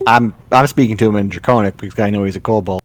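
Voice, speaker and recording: A man's voice: fairly low pitch, quick pace, no room sound. A man playing a tabletop game, talking in a polite, careful way. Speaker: player. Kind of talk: casual game talk.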